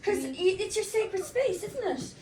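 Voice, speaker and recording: A woman's voice: very high voice, sing-song, unhurried. An Irish woman performing a crude, self-mocking stand-up comedy set in a live comedy club, chatting with the crowd. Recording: roomy, distant live club sound. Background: loud crowd laughter.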